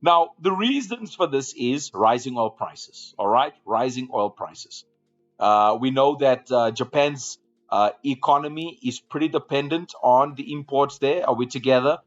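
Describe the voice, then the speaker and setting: A man's voice: medium pitch, animated, unhurried, dull audio, soft background music. A man hosting a live trading room, giving market commentary and often repeating phrases to draw viewers along.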